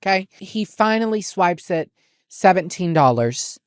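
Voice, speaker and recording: A young woman telling a story in a casual, animated vlog rant, exasperated and repeating lines for effect. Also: on the low side, measured pace, dry recording, clean studio sound. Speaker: vlogger.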